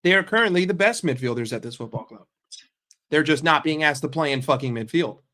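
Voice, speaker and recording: An American man with an American accent chats casually with his stream. He jokes and swears freely in a crude, brash way. His voice sits a little high for a man. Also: animated, brisk, sharp tone. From United States. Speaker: streamer, football fan. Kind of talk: casual chat with viewers.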